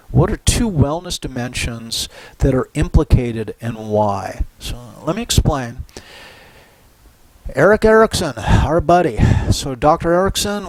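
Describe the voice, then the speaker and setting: A middle-aged man giving a university psychology lecture in a relaxed, conversational way, often tagging on "right?" and "you know". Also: a little high, dry recording, poor audio. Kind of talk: recorded lecture.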